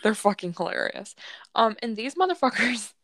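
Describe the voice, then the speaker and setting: A woman with a fairly high voice tells a gruesome old tale on a casual podcast. She laughs often and swears freely. She drifts into goofy asides between the facts. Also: very animated, normal speed, fairly bright tone. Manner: laughing, profane, joking storyteller. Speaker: podcast co-host telling the story. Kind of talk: casual true-crime chat.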